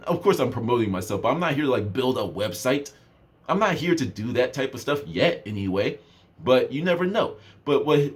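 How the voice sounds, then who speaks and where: A young man casually telling a story to camera as a self-improvement vlogger, with lots of fillers. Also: on the high side. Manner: animated storytelling, many fillers. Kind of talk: casual talking-to-camera chat.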